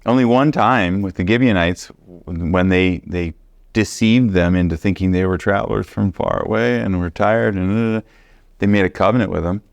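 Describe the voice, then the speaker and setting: A man teaching a Bible study sermon, earnest and animated, stressing points by repeating them. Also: low voice, normal speed, gravelly, no room sound, dull audio. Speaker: preacher.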